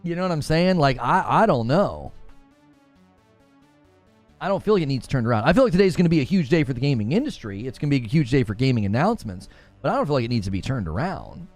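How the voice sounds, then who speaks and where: A man's voice: medium pitch, fast, faint music behind. A man chatting casually with his live-stream viewers about games, talking to them directly. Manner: chatty, talks to chat viewers, animated. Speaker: gaming streamer.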